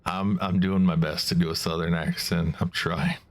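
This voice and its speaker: A man's voice: low-pitched, little pitch movement, normal speed, few pauses. A man streaming a building game, chatting casually and reading the dialogue aloud. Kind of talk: casual gameplay commentary.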